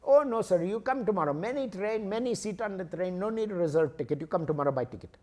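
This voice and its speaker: A man's voice: sits high, expressive, fast talker, darkish tone. Man putting on a singsong ticket clerk. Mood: reassuring. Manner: singsong, broken English, reassuring. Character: polite evasive male railway ticket clerk.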